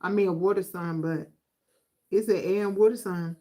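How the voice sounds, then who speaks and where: A woman's voice: fairly low pitch, steady tone, normal speed, dark tone, low-quality recording. Sassy woman reading tarot live. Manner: chatty, sassy, talks straight to viewers. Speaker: tarot reader. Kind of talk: casual livestream tarot reading.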